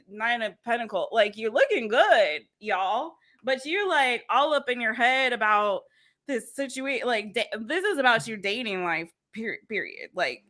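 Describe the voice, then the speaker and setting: A woman's voice: a little high, bright, forceful tone. A woman tarot reader chatting casually and playfully with lots of slang and laughter. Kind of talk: casual tarot reading chat.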